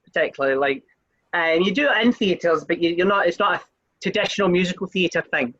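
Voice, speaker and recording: Bright-voiced host on a dull, lo-fi call. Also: male voice, high-pitched, brisk. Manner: friendly, laughs easily, reads fan questions. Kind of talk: casual interview chat. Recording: dull lo-fi sound.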